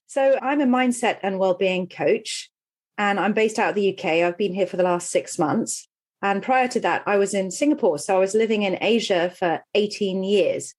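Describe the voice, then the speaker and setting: Candid middle-aged woman telling a story. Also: lowish voice. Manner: candid, animated, laughs while telling stories. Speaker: guest, mindset and well-being coach. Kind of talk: conversational storytelling.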